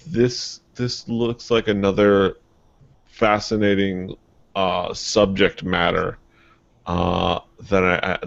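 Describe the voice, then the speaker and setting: Hesitant low-voiced man podcaster. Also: no room sound, highs cut off. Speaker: podcast co-host. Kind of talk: casual chat.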